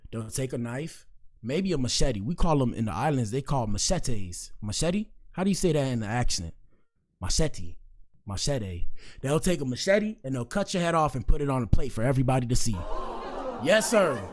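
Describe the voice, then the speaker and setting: Man hosting a podcast, mid-pitched, slangy and joking, rambling asides. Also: expressive, fast talker, darkish tone. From Miami, Florida. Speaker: podcast host. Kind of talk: casual commentary show.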